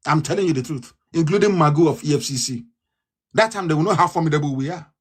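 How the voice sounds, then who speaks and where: A Nigerian man giving a fiery live broadcast speech, ranting and repeating himself, swinging between loud outbursts and low mutters. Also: fast talker, slightly rough. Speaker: political broadcaster.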